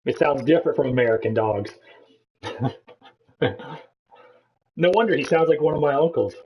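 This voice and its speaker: A man's voice: fairly high pitch, moderate pace, lo-fi sound. A man chatting casually and teasing others on a sim racing broadcast, laughing often.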